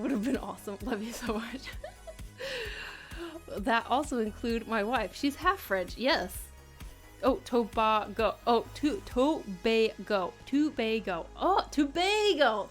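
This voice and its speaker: A woman's voice: fairly high pitch, animated, a little slow. Chatty woman streamer, music behind. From United States. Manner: chatty, reads chat aloud, laughs often. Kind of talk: casual live-stream chat.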